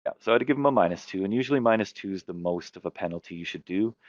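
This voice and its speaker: Deep-voiced man recapping a tabletop game. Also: lively intonation, very fast, dull audio, crowd noise. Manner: rambling storyteller, stops to correct himself. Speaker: game master and podcast host. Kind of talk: casual chat about tabletop games.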